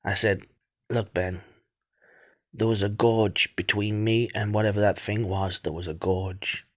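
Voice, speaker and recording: A man's voice: lowish voice, steady tone, unhurried. A man narrating a tale in a dramatic spoken style, piling on repeated words for effect. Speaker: storyteller.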